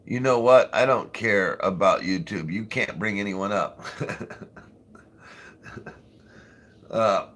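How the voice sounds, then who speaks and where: A man's voice: fairly low pitch, slow pace, long pauses, a bit bright. A man hosting a casual livestream, rambling and swearing as he chats with viewers and laughs often. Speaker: livestream host.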